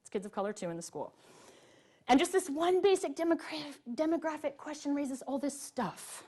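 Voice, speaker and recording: A middle-aged woman giving an earnest, emphatic public talk to a live audience, pausing on rhetorical questions. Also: sits high, lively intonation, a little mellow. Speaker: public speaker. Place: library event room with audience.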